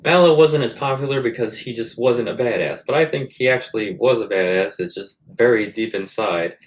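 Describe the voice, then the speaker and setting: Guy doing a crude comedy rant, mocks himself a lot, middle pitched voice, goes loud then mutters asides. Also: moderate pace. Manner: crude, self-mocking jokes. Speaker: host. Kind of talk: comedic monologue.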